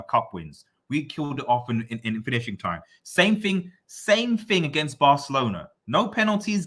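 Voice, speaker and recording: Man, live-stream host, casual chat, bright voice, repetitive teasing rants. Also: mid-range voice, breathy edge. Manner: repeats phrases, teasing, excitable rants.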